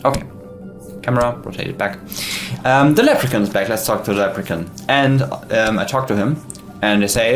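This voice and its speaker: A man's voice: fairly low pitch, normal speed, soft background music. A man, an indie game developer, chatting casually through his game with fillers, restarts and enthusiasm. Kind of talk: casual gameplay commentary.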